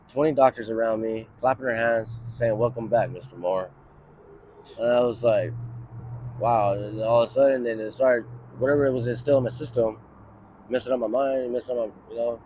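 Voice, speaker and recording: A man in his thirties talking outdoors on a city street for a street interview, his voice at an ordinary middle pitch. He rambles through his story, swearing freely and filling gaps with "you know" and "like", while faint traffic noise runs behind him. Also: mellow. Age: 30s. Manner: rambling, profane, many fillers like "you know". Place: outdoors on a city street near a bus stop.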